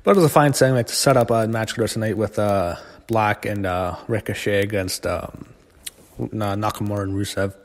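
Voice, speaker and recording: A man's voice: on the low side, moderate pace. A man giving a blunt, profane recap of a wrestling show in a casual ranting monologue. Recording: long hall reverb.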